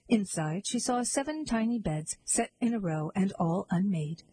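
A woman narrating a fairy tale in a wry, deadpan way. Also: medium pitch, moderate pace, slight background noise, low-quality recording. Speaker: storyteller. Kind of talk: scripted narration.

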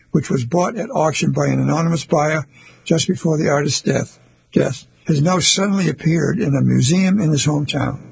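Husky, creaky-voiced male narrator. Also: a little high, darkish tone, low-quality recording. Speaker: audiobook narrator. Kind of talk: scripted narration.

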